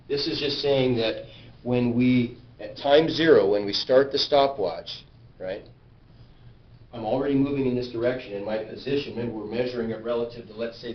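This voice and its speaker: A man's voice: mid-range voice, a little hiss or hum. A male physics teacher lecturing a class, often asking questions and checking that students follow. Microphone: camera at a distance. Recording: roomy, distant, dull camera sound.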